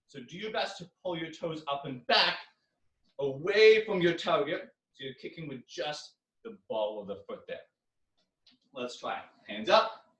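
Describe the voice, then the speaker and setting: A young man leads a karate lesson from his living room, calling out drills and shouting on each punch. His voice sits a little high and is picked up from across an echoey room. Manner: coaching, counting drills with loud yells. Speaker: karate instructor. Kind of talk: online exercise class. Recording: echoey room, far from mic.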